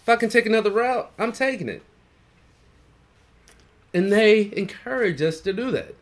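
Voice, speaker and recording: A man co-hosting a podcast, telling a work story in a casual, animated way and acting out the dialogue. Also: high voice, normal speed. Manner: animated, acts out dialogue, swears freely. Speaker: podcast co-host.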